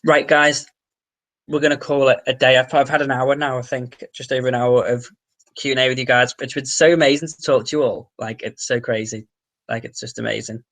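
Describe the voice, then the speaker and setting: A man's voice: mid-range voice, little pitch movement, a little fast, fairly bright tone. A man from the Wirral with a Merseyside accent, hosting a casual livestream Q&A, reading out viewer comments and answering them, swearing now and then. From the Wirral, England. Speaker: livestream host.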